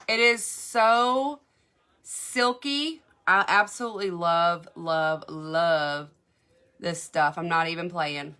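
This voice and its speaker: A woman's voice: medium pitch, bright, forceful tone. A woman selling beauty products in a live makeup demo, chatty and gushing, answering viewer comments as she goes.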